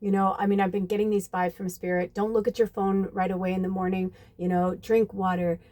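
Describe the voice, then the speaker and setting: An American woman from the United States, a spiritual medium, rambles casually to her viewers with plenty of fillers and occasional swearing as she gives them advice. Her voice is medium-pitched and warm, with a level tone and a fairly quick pace.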